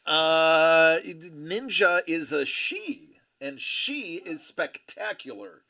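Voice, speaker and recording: A man's voice: a little high, animated, very slow, sharp tone. A man hosting a casual live stream, reading viewer comments aloud and chatting back to them.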